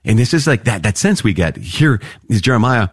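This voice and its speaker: A priest opening with prayer, then teaching Bible passages in an earnest, excitable way. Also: male voice, medium pitch, slightly rough, no echo, studio quality. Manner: earnest, excitable, quick asides with laughs.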